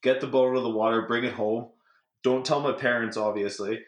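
A man's voice: mid-range voice, fairly even intonation, brisk, echoey room. A young man casually telling a story to friends, laid-back, full of "like" and swearing. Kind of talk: casual chat.

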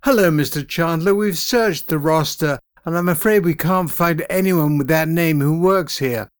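A man's voice: on the high side, normal speed, clean tone, no room sound, studio quality, lightly acted. A man doing a businesslike police sergeant.

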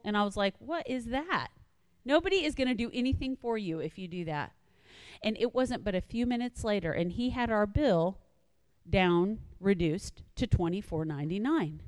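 Here a woman's mid-range voice, free of echo yet set in a large hall, carries a sermon-like devotional talk. Retelling a personal story with energy, she performs the quoted lines and repeats key points for emphasis.

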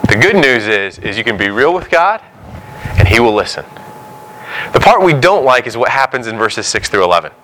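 A man preaching a sermon, telling biblical stories with animated storytelling and acting out the dialogue. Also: mid-range voice, moderate pace, a little hiss or hum, low-quality recording.

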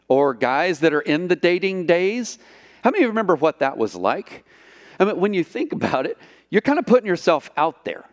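Animated male pastor in a reverberant hall. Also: on the high side. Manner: animated storytelling, acts out quotes. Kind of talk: sermon.

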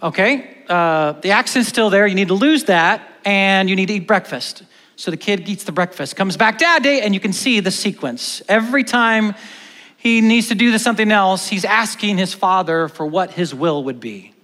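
A man preaching a sermon as pastor, animated, moving between loud stresses and hushed emphatic lines, in a church hall. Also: high-pitched, moderate pace. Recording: long church-hall reverb.

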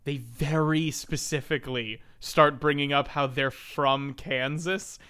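A man co-hosting a podcast, chatting casually about a film, emphatic and quick to swear and laugh. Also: fairly high pitch, steady tone, bright, forceful tone, smooth. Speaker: podcast co-host. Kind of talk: casual chat reviewing a film.

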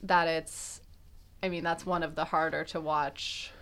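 A woman's voice: low-pitched, little pitch movement, measured pace, fairly bright tone. A young woman co-hosting a podcast, thinking aloud in casual analytical chat with many fillers and restarts. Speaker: podcast co-host.

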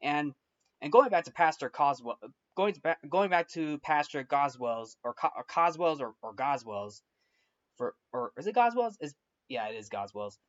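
Man, casual film recap, rambling with lots of restarts; higher voice, muffled lo-fi sound. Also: big pitch swings, normal speed. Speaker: film reviewer. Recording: dull lo-fi recording.

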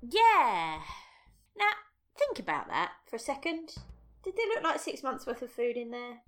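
A woman playing a tabletop game, chatty and animated. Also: sits high, a little slow. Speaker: player. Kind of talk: tabletop game play, casual banter.

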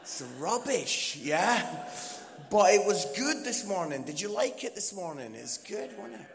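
A man's voice: sits high, very animated, unhurried, gravelly. A man from Edinburgh with a Scottish accent, a guest preacher and comedian giving a chatty, teasing sermon with many fillers. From Scotland, Edinburgh. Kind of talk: casual, joking sermon talk. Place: church hall. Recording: long hall reverb.

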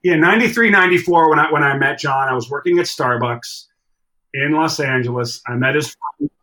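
A middle-aged man telling stories from his past in a casual interview, animated and acting out the voices of people he quotes. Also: on the high side, fairly quick. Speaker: drummer and podcast guest.

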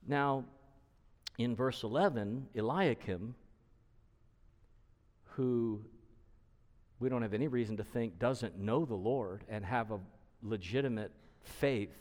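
A man's voice: medium pitch, big-room sound. A male preacher giving an expository sermon, emphatic and explanatory, who repeats his points for stress.

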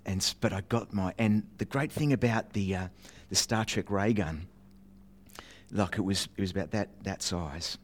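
A man with a fairly low voice gives a storytelling sermon. He talks in a chatty, self-mocking way, restarts often, and throws in playful sound effects as he tells the tale. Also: normal speed, slight background noise. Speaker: preacher.

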